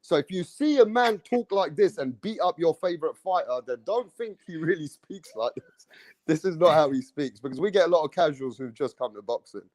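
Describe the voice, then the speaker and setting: A man's voice: fairly high pitch, lively intonation, fairly quick, a little mellow, no room sound. Playful male host, dry close sound. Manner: enthusiastic, playful. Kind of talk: casual chat.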